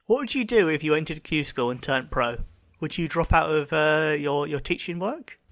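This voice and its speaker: A man hosting a comedy podcast with a high-pitched voice, recorded dry and close. He keeps up a teasing, pushy banter, prodding his co-host with one question after another. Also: lively intonation, moderate pace, fairly bright tone, no room sound. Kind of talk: casual comedy chat.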